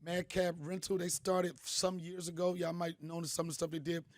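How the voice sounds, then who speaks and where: A man's voice: on the high side, flat delivery, moderate pace, no room sound, studio quality. A middle-aged man hosting a crowd, telling loose, slangy, joking stories. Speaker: comedian host speaking to an event crowd. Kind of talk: storytelling speech to a live crowd.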